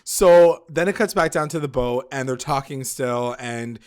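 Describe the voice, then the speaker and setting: A man's voice: medium pitch, unhurried. A man co-hosting a podcast, recapping an episode in casual chat and saying "like" constantly. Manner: filler-heavy, says "like" constantly. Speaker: podcast co-host.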